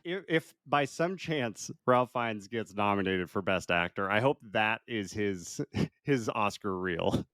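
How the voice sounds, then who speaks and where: A man's voice: fairly low pitch, expressive, unhurried, fairly bright tone, no room sound, clean studio sound, soft background music. A man co-hosting a casual film review chat, laid-back and laughing often. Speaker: podcast co-host.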